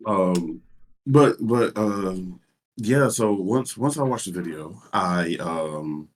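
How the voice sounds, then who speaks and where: A caller on a voice chat, a man with a very low, breathy voice. He talks quietly and haltingly, restarting his sentences often. He sits a bit far from his call mic. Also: lively intonation. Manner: soft-spoken and halting, full of restarts. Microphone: voice call mic held too far away.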